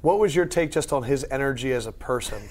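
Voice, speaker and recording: A man's voice: medium pitch, quick pace, a little mellow. A man co-hosting a podcast who asks the guest curious, casual questions. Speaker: podcast co-host.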